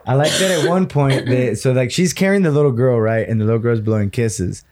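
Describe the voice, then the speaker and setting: Dude on a fight podcast, warm mellow voice, cussing a lot, words thrown in. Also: male voice, medium pitch, brisk. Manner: swears a lot, drops into Spanish words. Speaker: podcast co-host. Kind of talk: casual chat about fights.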